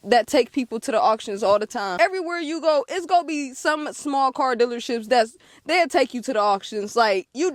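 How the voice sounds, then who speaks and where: A woman's voice: high-pitched, no room sound, studio quality. A young woman, telling a story to camera casually and laughing often. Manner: animated, laughs often, acts out quotes. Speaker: car dealer and vlogger.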